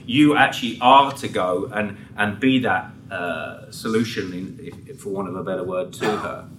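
A man's voice: mid-range voice, fairly bright tone, slight background noise. A man, a pastor, preaching a sermon in an earnest, conversational way with frequent restarts. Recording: roomy hall, voice from a distance.

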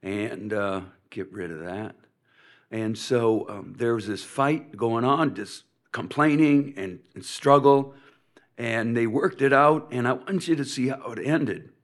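Slow-talking man with a cough. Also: medium pitch. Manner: halting, with many fillers and restarts. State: coughing often, hoarse throat. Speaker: preacher teaching a seminary class. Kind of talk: sermon-style lecture.

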